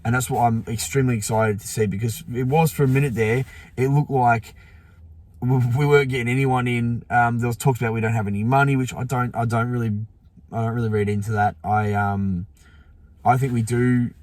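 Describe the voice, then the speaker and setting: A man's voice: mid-range voice, fairly even intonation, a little fast, a little mellow, no echo. A man hosting a fan channel, chatting casually and sleepily about football with many fillers and restarts. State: sleepy, yawning. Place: outdoors in morning sun.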